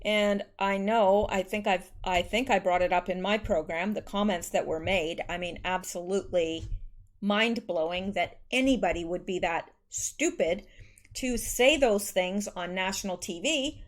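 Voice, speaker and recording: A woman's voice: medium pitch, measured pace. Sarcastic woman reading and mocking the news. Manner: sarcastic, scornful asides between read quotes, many fillers. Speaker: political commentary channel host. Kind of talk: casual news commentary, reading articles aloud.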